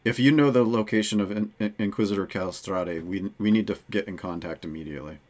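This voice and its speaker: A man's voice: on the low side, fast, a little mellow. A man playing a tabletop game, talking earnestly with stammers and restarts. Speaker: player.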